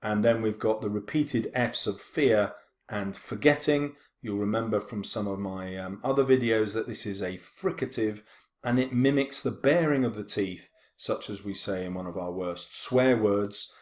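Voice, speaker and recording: A man with a fairly low voice, giving a literature lesson. He explains in a steady, measured way, filling pauses with ums and drawing out the words he quotes. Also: reverberant. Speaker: English teacher.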